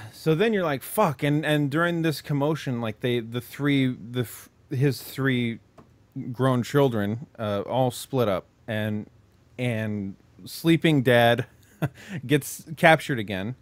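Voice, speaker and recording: Speaking slowly in a mid-range voice, a man co-hosting a podcast recaps a horror film loosely, cursing freely and looping back with plenty of "like," filler, and restarts. The recording is dry.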